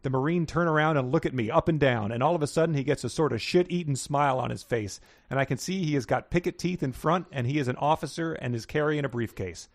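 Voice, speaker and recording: A man's voice: a little high, fast talker, hardly any pauses, dry recording. A man co-hosting a comedy podcast, reading book passages aloud in a folksy Southern-style drawl and chuckling at them. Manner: reads in a folksy drawl, laughing at the text. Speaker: podcast co-host.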